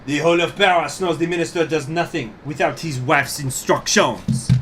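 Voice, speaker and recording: A man's voice: a little high, moderate pace, a bit bright, slight background noise, voice pushed up, lightly acted. A stern revolutionary judge from a game, read by a man, cold and accusing. He presses suspects with open contempt and thinly veiled threats, in a slightly raised voice. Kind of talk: reading game dialogue aloud.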